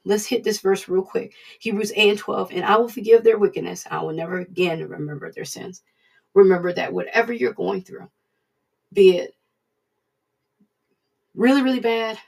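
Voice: mid-range voice, gravelly, recorded from a distance. A preacher giving a casual devotional talk, conversational and repeating points for emphasis.

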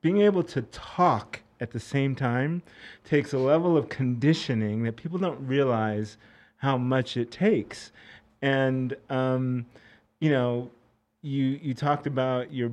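Slow-talking man hosting an interview. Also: mid-range voice, darkish tone. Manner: slow, halting questions with many fillers. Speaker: interview host. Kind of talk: casual interview.

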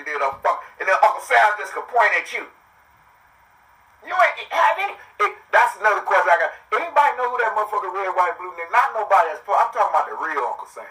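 A man with a high, bright voice hosts a live podcast in a loose, profane, joking ramble. He sits back from the microphone, so his voice sounds a little distant. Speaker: podcast host.

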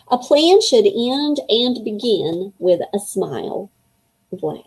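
A woman's voice: medium pitch, very animated, slow, a little mellow, husky, low-quality recording. A woman narrating a children's storybook aloud and giving each character a voice.

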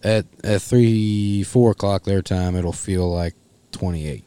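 Laid-back low-voiced man chatting. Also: steady tone, slow, mellow, clean tone. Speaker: podcast co-host. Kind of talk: casual sports chat.

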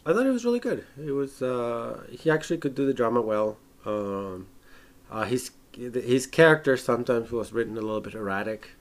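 A man in a casual film discussion podcast, animated, acting out scenes in exaggerated voices and laughing often. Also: medium pitch, moderate pace.

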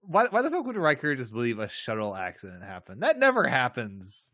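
A man co-hosting a podcast, trading excitable jokes in casual chat. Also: medium pitch, a little fast, dry recording, clean studio sound. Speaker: podcast co-host.

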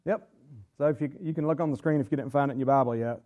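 A man leading a Bible study, reading scripture aloud in a measured way and slowing down sharply to stress key phrases. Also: medium pitch, mellow. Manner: earnest, slows down hard to stress key phrases. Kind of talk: sermon-style Bible teaching.

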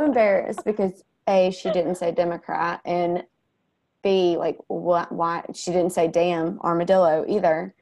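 A woman's voice: lowish voice, a little slow. A woman, chatting casually and telling funny family stories. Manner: chatty storyteller, animated when quoting. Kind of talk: casual chat.

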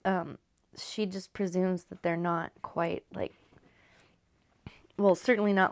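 A Californian woman hosts a video recapping a story in loose, casual chat, rambling, swearing, and often dropping to a near-whisper. Her lowish voice is flat and a little slow, with no room sound.

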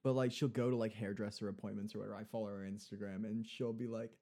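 A man co-hosting a podcast, chatting in a laid-back way with quick reactions. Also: fairly low pitch, little pitch movement, warm tone. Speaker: podcast co-host. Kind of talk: casual chat.

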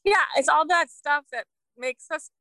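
A woman's voice: high voice, a little slow, bright, forceful tone, no echo, rough recording. A woman musician as a podcast guest, talking earnestly and rambling a little, with frequent laughs. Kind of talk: casual interview chat.

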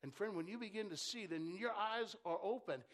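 A man preaching a sermon as pastor, swinging from impassioned shouts to near-whispers and calling on the congregation to answer. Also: high voice, lively intonation, brisk. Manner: impassioned preaching that drops to a hush; calls for congregation responses. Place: church.

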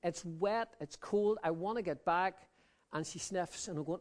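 A man preaching a sermon, repeating words as he restarts and dropping to a low murmur for emphasis. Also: unhurried.

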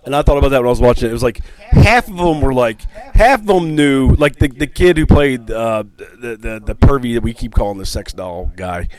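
A man's voice: mid-range voice, a little fast, poor audio. A man co-hosting a casual movie podcast, joking around and dropping into silly voices. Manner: animated, jokey, slips into silly voices. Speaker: podcast co-host. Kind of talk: casual movie review chat.

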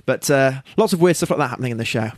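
A man, a guest in a studio, telling stories in a quick, animated way. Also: mid-range voice, no room sound. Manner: rapid, animated storytelling with laughs. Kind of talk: casual chat.

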